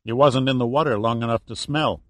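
A man voicing a gruff, unfeeling male naval executive officer in an audiobook, muttering pessimistically. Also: medium pitch, fairly quick, a bit bright, no echo, close to an everyday voice.

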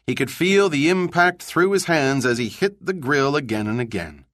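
A man reading a thriller aloud as a narrator, in a steady, even storytelling delivery. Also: on the high side, moderate pace, dry recording, clean studio sound. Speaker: audiobook narrator. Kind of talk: scripted narration.

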